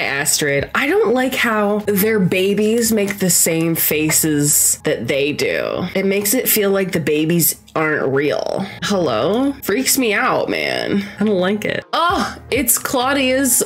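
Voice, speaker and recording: A woman's voice: mid-range voice, fairly bright tone. A young woman giving casual, chatty commentary over her own gameplay, reacting and laughing often. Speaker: gaming streamer. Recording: faint game music behind.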